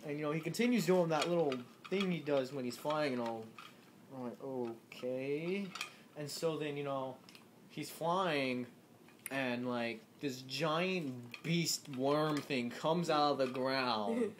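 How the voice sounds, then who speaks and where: Rambling guy with a noisy home camera. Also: measured pace. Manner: rambling and hesitant, full of ums and "you know"; low-key, mostly quiet delivery. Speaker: storyteller. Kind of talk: rambling improvised absurd story. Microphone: handheld camera held by a friend. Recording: noisy home video with clattering dishes.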